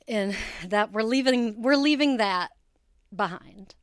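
A woman's voice: mid-range voice, measured pace, no room sound, studio quality. Bubbly woman hosting a solo podcast. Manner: bubbly, chatty, laughs often. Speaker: podcast host. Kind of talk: casual solo podcast chat. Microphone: headphones with cable, home recording setup.

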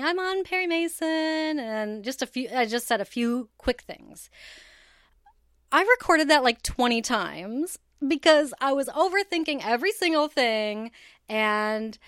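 A woman's voice: fairly high pitch, clear, resonant tone, no room sound, clean studio sound. Bubbly woman hosting a solo podcast. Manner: bubbly, chatty, laughs often. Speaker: podcast host. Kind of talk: casual solo podcast chat. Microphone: headphones with cable, home recording setup.

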